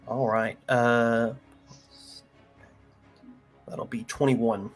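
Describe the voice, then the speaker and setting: A man at a tabletop game talks through his choices in a hesitant, casual way. His voice sits at an average pitch, with faint music in the background. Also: flat delivery, unhurried, a bit bright. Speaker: player. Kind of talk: casual tabletop role-play.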